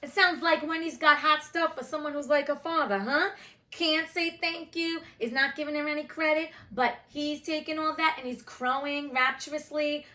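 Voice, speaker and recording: A woman's voice: high-pitched, fairly even intonation, normal speed, bright, forceful tone. A woman from New Jersey reading a classic book aloud and breaking off for sassy, blunt commentary. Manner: sassy, blunt, swears casually. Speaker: audiobook reader and commentator. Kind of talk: casual storytime reading with commentary.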